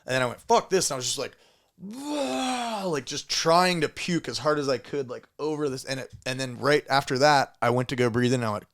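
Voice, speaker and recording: A man's voice: mid-range voice, fast talker, hardly any pauses. A man co-hosting a casual podcast, telling a story with lots of swearing and acted-out noises. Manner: animated storyteller, swears a lot, acts out sounds. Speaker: podcast co-host.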